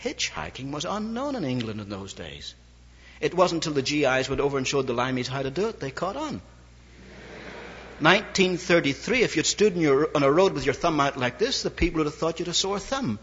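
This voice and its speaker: A man's voice: fairly high pitch, fairly quick, slight background noise. An older man from Ireland, an evangelist telling a wry, anecdotal story in a sermon. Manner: wry, anecdotal, lively inflection. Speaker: evangelist preacher. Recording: dull lo-fi recording, long hall reverb.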